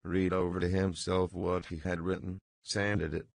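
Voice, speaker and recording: Male audiobook narrator, measured and even, low voice, dry booth. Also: gravelly, no room sound. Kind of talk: scripted narration of a classic novel.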